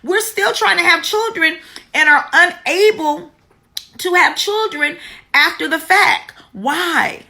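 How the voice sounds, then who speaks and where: A woman's voice: extremely high pitch, lively intonation, takes it slowly, pushed and bright. A middle-aged woman earnestly telling her own story on a live stream, greeting viewers by name and repeating key words for emphasis. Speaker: womb healing teacher. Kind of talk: live stream testimony and teaching.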